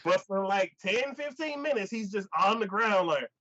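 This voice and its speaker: A man's voice: normal speed, no echo. A man hosting a casual anime chat, retelling an episode and acting out the characters' lines. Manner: animated retelling, acts out characters' lines with pitch jumps. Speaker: anime podcast host. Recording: dull lo-fi dry sound.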